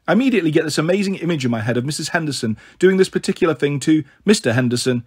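Husky-voiced male storyteller. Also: a little high, animated, rapid-fire, hardly any pauses. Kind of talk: reading a novel aloud.

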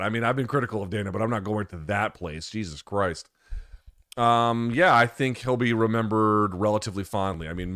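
Male stream host, low voice, dry close sound, candid and profane, off-the-cuff. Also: fairly bright tone, dry recording. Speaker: host answering viewer questions. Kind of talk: casual live-stream chat.

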